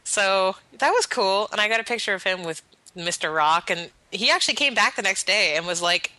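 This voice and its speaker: Bright, bubbly woman chatting. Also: medium pitch, fairly quick, no echo, low-quality recording. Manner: bubbly, excitable storyteller. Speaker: game developer guest. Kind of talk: casual podcast chat.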